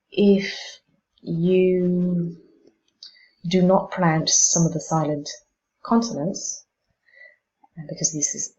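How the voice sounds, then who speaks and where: A woman teacher giving exam tips on pronunciation, demonstrating word stress slowly and with care. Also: sits low, darkish tone, muffled recording.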